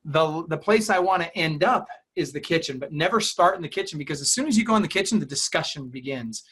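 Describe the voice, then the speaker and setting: A man's voice: fairly high pitch, expressive, fast, fairly bright tone, husky. A man coaching real estate agents in an interview, talking emphatically and acting out client dialogue.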